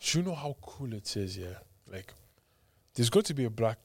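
A man's voice: mid-range voice, very animated, normal speed, vocal fry, a little mellow, no echo. A man co-hosting a casual podcast, telling stories with slangy enthusiasm. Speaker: podcast co-host. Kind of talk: casual chat.

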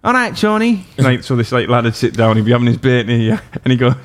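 A man's voice: mid-range voice, little pitch movement, quick pace. A man hosting a podcast, telling stories in casual chat, rambling, laughing through them and swearing freely. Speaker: podcast host.

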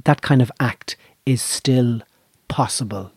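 A man's voice: medium pitch, slow, a little mellow, slightly rough, no room sound, clean studio sound. An Irish man telling a long anecdote in casual chat, swearing freely as he goes. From Ireland.

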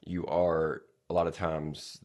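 A man co-hosting a podcast in casual discussion, speaking haltingly and searching for words. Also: extremely low pitch, flat delivery, a little mellow. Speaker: podcast co-host.

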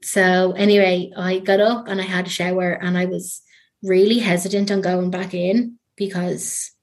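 A woman's voice: on the low side, level tone, moderate pace. An Irish woman telling a personal story as an interview guest, chatty and full of ums and likes. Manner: chatty, many ums and likes, trailing fillers.

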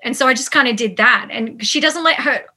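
Bright, animated woman telling a story. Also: high-pitched, fairly quick. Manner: animated, lots of fillers and quoted asides. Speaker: actor guest. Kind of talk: casual interview storytelling.

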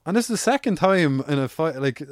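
Fast-talking irish man telling fight stories. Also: fairly high pitch, lively intonation, no echo, clean studio sound. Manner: swears freely, rambling anecdotal. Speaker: guest, amateur MMA fighter. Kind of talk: casual storytelling chat.

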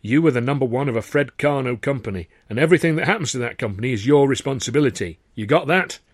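A man's voice: medium pitch, expressive, fast, breathy edge, no echo, studio quality, voice pushed up. A man voicing a sarcastic, calculating older male theatre boss who talks bluntly to his employees. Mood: stern.

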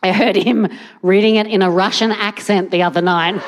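A woman's voice: mid-range voice, fairly even intonation, moderate pace. A young adult woman doing a stand-up comedy set on a live stage, rambling and incredulous with wry asides. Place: live theatre stage with audience. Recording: live venue with faint crowd noise.

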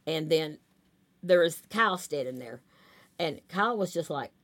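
A woman's voice: sits low, expressive, moderate pace, fairly bright tone. A woman, telling rambling anecdotes in a casual interview, full of fillers. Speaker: talent agent, guest.

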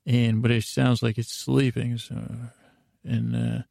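A man tells an improvised comic tale as a podcast host, rambling and halting with many "he goes" asides. His voice is deeply gravelly and keeps a flat, level pitch. The recording is dry and close. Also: no echo. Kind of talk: improvised comedic storytelling.

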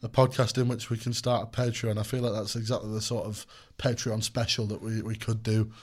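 A man's voice: fairly low pitch, level tone, fairly quick, husky. Jokey rambling young man co-hosting. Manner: jokey, rambling with many ums and restarts. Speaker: podcast co-host. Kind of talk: casual chat.

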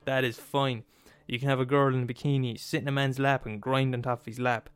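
A man's voice: mid-range voice, little pitch movement, quick pace, clear, resonant tone, dry recording. Profane man ranting on a podcast. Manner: profane, emphatic, laughs at his own points. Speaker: podcast host. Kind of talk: comedic rant.

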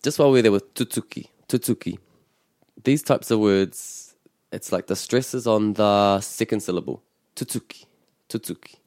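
A New Zealand man teaches a language lesson in a low voice. He explains grammar calmly and repeats words for the learner to copy. The sound is close and dry. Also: no room sound. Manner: patient, explains grammar slowly and models pronunciation. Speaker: te reo Māori teacher.

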